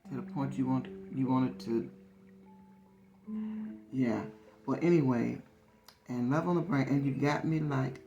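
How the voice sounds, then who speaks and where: A woman's voice: extremely low pitch, unhurried, long pauses, highs cut off. A woman reading tarot in a casual, conversational way, repeating phrases for emphasis. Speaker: tarot reader. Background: soft guitar music.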